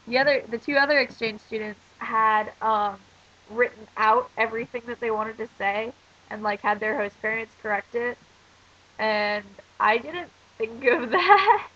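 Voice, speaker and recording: Stuffy-nosed teen girl, sick and coughy, rambly vlog, bit high voice, muffled lo-fi sound. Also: fairly bright tone, a little hiss or hum. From United States. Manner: rambling, ranting, many fillers. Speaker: exchange student. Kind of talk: casual vlog. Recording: dull lo-fi recording.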